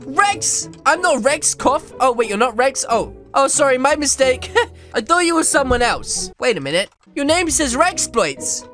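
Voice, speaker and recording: A young woman YouTuber giving playful, animated game commentary and teasing her friends. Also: high voice, soft background music. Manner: animated, teasing, quick switches between narration and banter. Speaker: gaming YouTuber.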